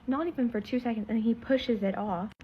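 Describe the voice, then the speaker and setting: Teen girl, rapid rambling storytime, high-ish voice, muffled lo-fi sound with faint room ambience. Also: a little hiss or hum. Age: teens. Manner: rambling, filler-heavy, emotional retelling. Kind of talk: casual storytime vlog. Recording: slightly muffled lo-fi recording.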